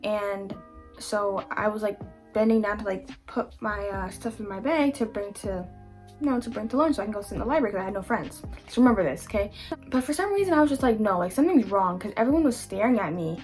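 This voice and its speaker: A woman's voice: medium pitch, lively intonation, quick pace, darkish tone, faint music behind. A young woman vlogger telling a candid, chatty storytime, with lots of "like" and quoted asides. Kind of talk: casual storytime.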